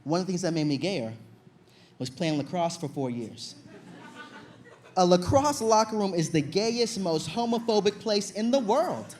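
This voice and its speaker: A young man from Virginia performing stand-up comedy on stage, telling an animated story with loud acted-out outbursts. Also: sits high, normal speed. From Virginia, USA. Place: comedy stage before an audience.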